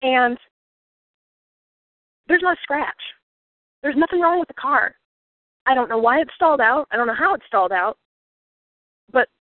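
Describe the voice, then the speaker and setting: A woman's voice: high voice, dry recording. Earnest woman on a tinny line. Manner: earnest, reflective, grows emotional. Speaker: speaker on a coaching call. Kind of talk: personal story with motivational lesson. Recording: tinny phone-like line, dry.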